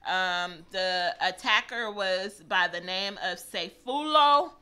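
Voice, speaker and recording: A woman's voice: mid-range voice, slow pace, bright, forceful tone, a little hiss or hum. A woman hosting a radio talk show, earnestly reading out news topics with many "um" fillers and some stumbles.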